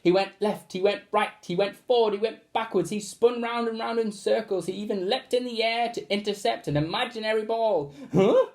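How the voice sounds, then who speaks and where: A man reading a children's storybook aloud in a lively way, adding sound effects as he goes. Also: high voice, a little fast, hardly any pauses.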